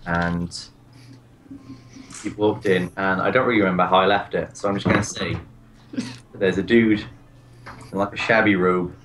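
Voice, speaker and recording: A man's voice: low-pitched, steady tone, normal speed, long pauses, fairly bright tone, slight background noise. A man narrating a tabletop game as game master, rambling through descriptions with many fillers.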